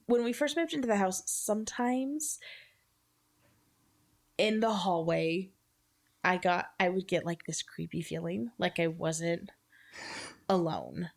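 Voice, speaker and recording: A woman's voice: on the low side, slow, vocal fry, long pauses. Chatty woman telling a ghost story. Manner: animated, lots of "like" fillers. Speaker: podcast co-host. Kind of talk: casual storytelling chat.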